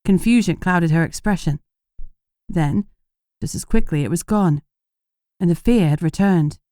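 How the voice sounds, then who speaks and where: Low, mellow woman audiobook narrator. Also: measured pace, no room sound, studio quality. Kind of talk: scripted first-person narration.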